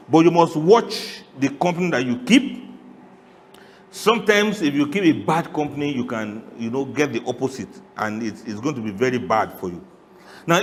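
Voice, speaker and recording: A man giving a lively, humorous sermon, often laughing and asking the audience questions. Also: a little high, long reverb tail, a little hiss or hum. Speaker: Islamic preacher.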